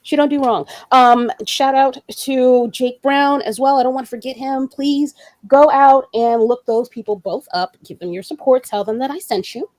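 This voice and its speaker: Woman host, high voice, dry close sound, excitable, rambling, swears a lot. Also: normal speed, no room sound. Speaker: podcast host. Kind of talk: casual chat.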